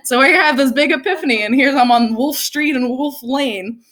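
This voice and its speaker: A young woman telling a personal story to an audience, animated, laughing often and saying "like" a lot. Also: sits high, moderate pace. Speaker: speaker.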